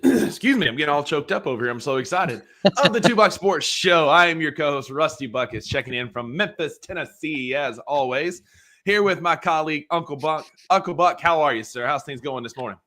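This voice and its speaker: A man's voice: on the high side, brisk, sharp tone. A man co-hosting a sports show in an upbeat, chatty way. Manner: upbeat, chatty, explains at length. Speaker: podcast co-host. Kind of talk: casual sports talk.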